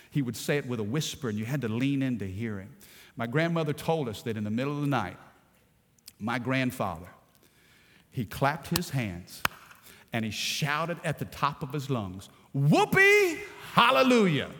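A male pastor preaching a sermon, moving from quiet storytelling to emphatic, rising preaching. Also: a little high, long reverb tail.

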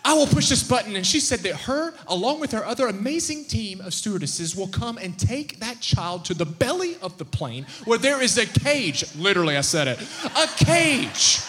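A pastor in his thirties preaches a sermon in a large hall, telling stories with animated energy in a high, bright voice at normal speed. He stumbles into restarts and repeated words, and a long reverb trails each line.

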